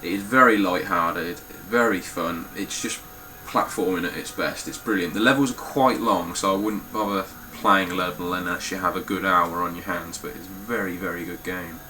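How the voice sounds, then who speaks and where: Blunt, low-voiced man. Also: steady tone, moderate pace, hardly any pauses, pushed and bright, a little hiss or hum, rough recording. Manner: blunt, swears freely. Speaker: game collector. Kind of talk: casual spoken collection walkthrough.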